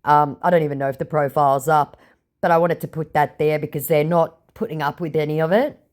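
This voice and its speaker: एक महिला जो व्यंग्य भरे, मज़ाकिया अंदाज़ में स्कैमर से हुई चैट पढ़कर सुनाती है और उस पर टिप्पणी करती है।. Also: female voice, low voice, steady tone, brisk, darkish tone. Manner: sarcastic, mocking. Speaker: scam baiter. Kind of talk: reading out chat messages with commentary.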